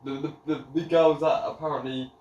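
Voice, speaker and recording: A man's voice: on the high side, fairly even intonation, a little fast, recorded from a distance, a crowd in the background. A young man on a podcast, mostly adding short agreeing remarks in casual chat. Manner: brief, agreeing interjections. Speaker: podcast co-host. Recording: echoey room, faint noise.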